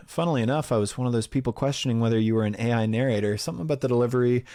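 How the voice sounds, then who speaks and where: Man, mid-pitched, casual and candid, viewer Q&A on a home studio mic, laughs easily. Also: rapid-fire, few pauses. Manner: relaxed, candid, laughs easily and swears now and then. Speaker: YouTube narrator answering viewer questions. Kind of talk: casual chat. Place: sound-treated home room.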